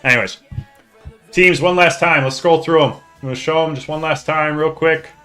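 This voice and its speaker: A man hosting a live stream, chatting casually and excitably with his viewers, joking and swearing as he goes. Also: fairly high pitch, moderate pace, faint music behind. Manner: excitable, jokey, talks to chat, swears. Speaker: streamer hosting a hockey league draft.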